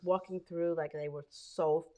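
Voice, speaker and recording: A woman's voice: low voice, steady tone, unhurried, mellow. A woman hosting a casual podcast, chatting and telling a story. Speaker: podcast host. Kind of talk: casual chat.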